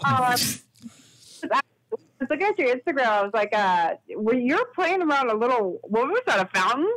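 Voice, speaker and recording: A woman's voice: sits high, very animated, moderate pace, a bit bright, poor audio. A woman guest on a live radio talk show, chatting casually with frequent fillers and giggles. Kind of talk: casual interview chat.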